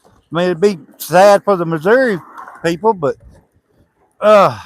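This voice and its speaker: A man's voice: high-pitched, unhurried. A man in his fifties from Arkansas with a Southern accent, co-hosting a casual outdoor livestream chat by a fire in a folksy, easygoing way. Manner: folksy, easygoing, laughs easily. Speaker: co-host of a homesteading livestream.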